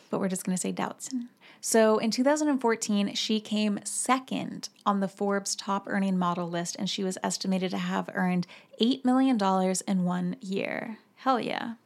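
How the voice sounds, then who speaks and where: A young woman hosting a podcast in casual chat. Her voice is sore and slightly hoarse, and she talks in a chatty way full of fillers. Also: mid-range voice. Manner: chatty, filler-heavy, with many "like"s. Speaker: podcast host.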